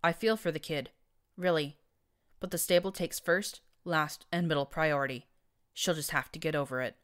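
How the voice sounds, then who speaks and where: A woman's voice: deep voice, moderate pace, fairly bright tone, clear, resonant tone. A woman voicing an older gray mare who runs maintenance, dry and blunt in speech. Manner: dry, blunt, matter-of-fact.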